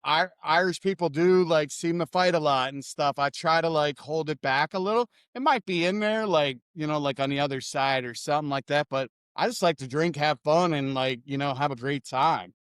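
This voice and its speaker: A man chatting loosely on a podcast, stringing his thoughts together with plenty of "like". His voice sits a bit high and sounds smooth and clean, dry and close to the mic. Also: normal speed, hardly any pauses, fairly bright tone, no room sound. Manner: rambling, full of "like" fillers. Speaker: podcast co-host. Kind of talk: casual chat.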